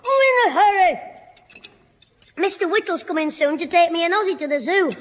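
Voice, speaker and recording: A man playing a cheeky, cocky young schoolboy in a 1960s radio comedy, full of quick backchat. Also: extremely high pitch, a bit bright. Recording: hissy old radio broadcast with reverb.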